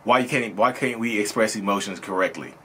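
A man's voice: on the low side, fairly quick, fairly bright tone, slight background noise. A man in his thirties talking casually and earnestly to his viewers, rambling and repeating phrases as he tells his own story. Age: 30s. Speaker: video host sharing his own experience. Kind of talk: casual personal monologue.

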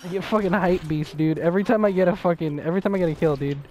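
A man chatting casually while playing a game, cursing a lot and trash-talking with excitable swings. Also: high voice, racing. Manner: profane, excitable trash talk. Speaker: gamer. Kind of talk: casual gaming chat.

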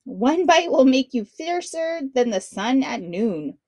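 A woman reading aloud and voicing a clever, bold young island boy who calls out loudly and boastfully in a storybook. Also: high voice, sing-song, slow, no room sound, muffled recording, exaggerated voice. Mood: sly. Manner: loud, boastful calling out.

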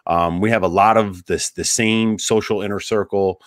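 Podcast host, man, lowish voice, dry close sound, laid-back questioning. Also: steady tone, normal speed, no room sound. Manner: casual, calls guest bro, searching phrasing. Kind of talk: conversational interview.

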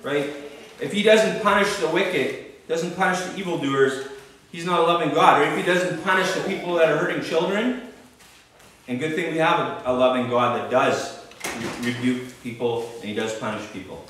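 A man's voice: a little high, normal speed, fairly bright tone. A man with a Canadian accent preaching a sermon, emphatic and punctuating his points with "right?" and "okay?". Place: church hall. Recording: very echoey church, distant mic, faint noise.

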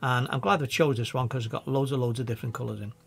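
A man with a Scouse accent giving a casual, chatty software tutorial, thinking aloud as he works. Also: mid-range voice, fairly even intonation, fast, gravelly, husky. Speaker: video editing tutor.

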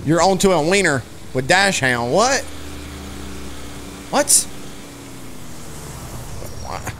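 A man streaming a police role-play game, excitedly calling out a chase, shouting and repeating himself. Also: a little high, a little hiss or hum. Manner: excitable, shouts and laughs, repeats phrases rapidly. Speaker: streamer playing a police deputy.

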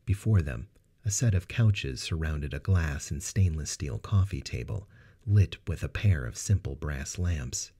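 Brief: low, dark-toned male narrator for sci-fi audio fiction. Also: breathy edge.

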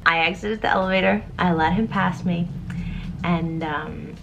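A young woman vlogging casually through online quizzes, animated and excitable, thinking aloud as she goes. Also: fairly low pitch, measured pace, creaky, highs cut off, slight background noise. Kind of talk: casual quiz vlog.

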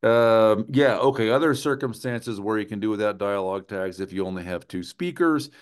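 Man, lowish voice, writing workshop presenter, conversational lecture, animated. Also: moderate pace, clear, resonant tone. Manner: animated, often checks in with "right?" and "okay?".

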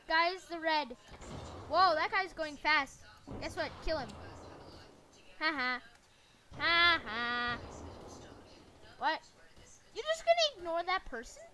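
A woman's voice: extremely high pitch, sing-song, takes it slowly, long pauses, sharp tone, slight background noise. A woman giving playful, goofy commentary while playing a shooting game, shrieking at the action and muttering to herself in between. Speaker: gameplay commentator.

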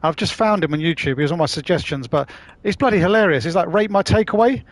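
A man's voice: a little high, fast talker, dry recording. A man chatting casually on a live stream while playing, laughing often and swearing freely.

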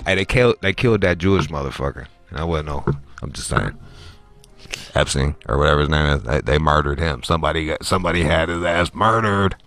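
A man hosting a podcast, telling crude comic stories full of swearing and jumping into high squeaky voices to act out other people. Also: brisk, soft background music. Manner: profane, animated, mimics people in high voices. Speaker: podcast host. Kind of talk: crude comedic storytelling.

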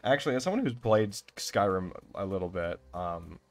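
Young dude playing a game, kinda low voice, hypes himself up, swears a ton. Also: male voice, fairly quick. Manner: excitable, swears a lot, talks to himself. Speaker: let's play gamer. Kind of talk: casual gameplay commentary.

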